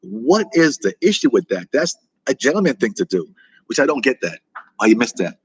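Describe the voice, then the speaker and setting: In a dry recording with poor audio, a middle-aged American man speaks at normal speed in a mid-range, breathy voice with big pitch swings. He hosts a casual live chat, wandering off topic, repeating himself, and responding to comments as they arrive.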